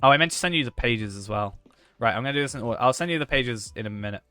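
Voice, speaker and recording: A man's voice: medium pitch, lively intonation, very fast, bright, forceful tone, smooth, no echo. A man, streaming a game and chatting casually with viewers while he plays, cracking jokes. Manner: joking, chatty, talks to chat while playing. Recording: faint background music.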